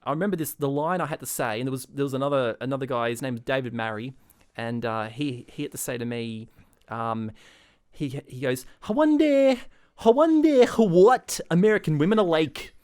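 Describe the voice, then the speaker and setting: A man's voice: mid-range voice, a little fast, smooth. Playful man co-hosting a podcast. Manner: playful, animated, prone to breaking into laughter. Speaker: podcast co-host. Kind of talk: casual comedic chat.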